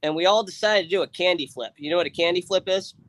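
A livestream guest with a somewhat high voice tells a long story fast in loose, casual chat, rambling with plenty of fillers and restarts. He's animated and acts out his friends' lines in their voices. The recording is dry and close.

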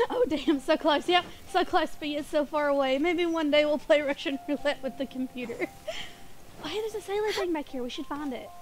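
A woman's voice: sits high, fairly quick, a little mellow. A young woman streaming a game, chatting casually with her chat and giggling often, a little sniffly with hiccups. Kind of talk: casual livestream chat while gaming. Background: game music.

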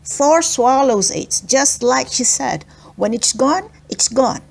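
A woman's voice: mid-range voice, big pitch swings, slow pace. A woman voicing a tough, blunt young girl in a storybook read-aloud. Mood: firm. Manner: firm and blunt.

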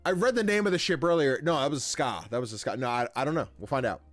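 A man's voice: medium pitch, lively intonation, quick pace, a bit bright, no room sound, soft background music. A young man giving casual, playful let's-play commentary, reading game text aloud and joking around. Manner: playful, chatty, frequent laughs, slangy. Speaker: gaming YouTuber.

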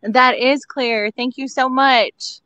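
A woman's voice: high voice, fairly even intonation, slow pace, bright, forceful tone, clear, resonant tone. A woman calling in to a livestream, mostly answering with short, agreeable replies. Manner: brief agreeable interjections. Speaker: caller. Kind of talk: livestream call-in. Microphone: remote call. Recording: dull lo-fi call audio.

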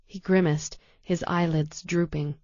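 A woman narrating an audiobook in a calm, measured way. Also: lowish voice, no echo, lo-fi sound. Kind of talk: scripted narration.

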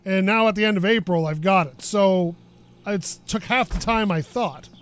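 A man's voice: high-pitched, normal speed. A man chatting casually while playing a car game, rambling and self-deprecating, his voice a bit worn. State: losing his voice. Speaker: gaming YouTuber. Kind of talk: casual gameplay commentary. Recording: noisy game audio behind voice. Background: car engine and game ambience.

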